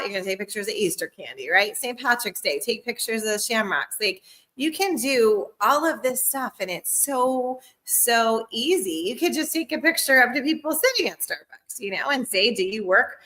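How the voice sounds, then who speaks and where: A woman with a bright, forceful voice, set a little high, runs a live-streamed sales training from home. She talks in an upbeat, chatty way, laughs often, and is fighting a cough.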